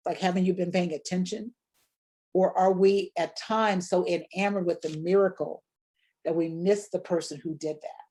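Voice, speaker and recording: A woman's voice: lowish voice, steady tone, normal speed, dark tone, breathy edge. A woman leading a preaching workshop, teaching sermon delivery in a reflective way and posing rhetorical questions.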